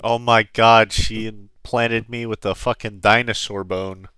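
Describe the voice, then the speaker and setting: A young man commentating a narrative game as a streamer, loud, mocking and profane. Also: fairly low pitch, flat delivery, unhurried, clean tone, dry recording. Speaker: gaming streamer. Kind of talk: casual let's-play commentary. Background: game music.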